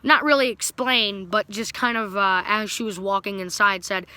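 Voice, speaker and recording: A man's voice: sits high, fairly even intonation, normal speed, sharp tone, clean tone, no echo. A young man telling a story to his viewers in a rambling, casual way, full of fillers and restarts. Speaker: vlogger.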